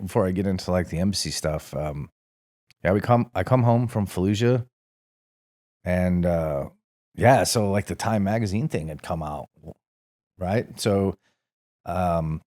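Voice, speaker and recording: Deep-voiced man telling war stories casually. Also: unhurried, long pauses. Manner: relaxed, rambling, salty storytelling with fillers and swearing. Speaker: podcast guest. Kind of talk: casual storytelling interview.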